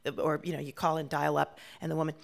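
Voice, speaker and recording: A woman's voice: sits low, vocal fry. A woman from Washington, D.C., a performer and playwright, talking animatedly with frequent laughs in an interview. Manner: animated, laughs often, quick asides. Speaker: guest, solo performer and playwright. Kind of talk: interview conversation.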